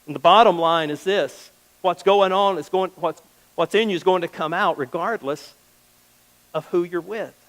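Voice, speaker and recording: In church, a male pastor with a high-pitched, fairly bright voice preaches conversationally at a moderate pace, acting out little everyday quoted exchanges as he goes. The recording is low quality.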